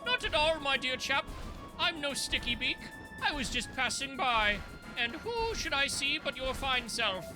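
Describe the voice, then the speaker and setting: A man's voice: extremely high pitch, big pitch swings, a little slow, music in the background, voice pushed up, heavily acted, low-quality recording. A man voicing a fussy, posh male owl officer in a video game, chummy and a little flustered.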